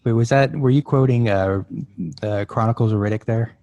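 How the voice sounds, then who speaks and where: A man's voice: mid-range voice, normal speed, dark tone, no room sound, lo-fi sound. A man co-hosting a podcast, tossing in dry quips and wisecracks during casual chat. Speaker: podcast co-host.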